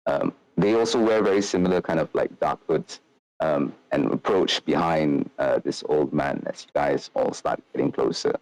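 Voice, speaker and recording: A man's voice: rumbling low, normal speed, a little mellow, dry recording, rough recording. A man narrating as game master of a tabletop game, describing scenes in a rambling way with many fillers.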